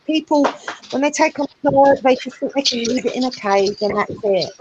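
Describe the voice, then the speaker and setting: Woman host, fairly high voice, rambling casual chat, dry muffled recording. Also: fairly quick, noisy background. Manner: chatty, rambling, fond of birds.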